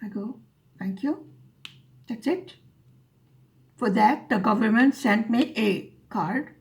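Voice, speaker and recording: A woman's voice: on the high side, takes it slowly, vocal fry, darkish tone. A woman vlogger telling a story in a dry, sarcastic way as she chats over her craft. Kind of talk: casual storytelling while diamond painting.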